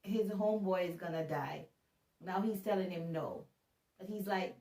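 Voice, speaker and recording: A woman giving a casual, animated Bible talk, chatty and joking at her own expense. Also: on the low side, moderate pace. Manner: chatty and animated, laughs at herself. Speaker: Bible teacher. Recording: roomy sound from a distance.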